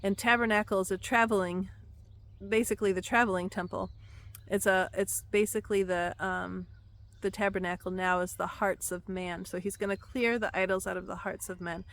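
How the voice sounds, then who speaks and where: A woman speaking as a Christian devotional speaker in a casual, reflective way, thinking aloud and often pausing to search for words. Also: medium pitch, fairly even intonation, fairly bright tone. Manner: thoughtful, hesitant, searching for words.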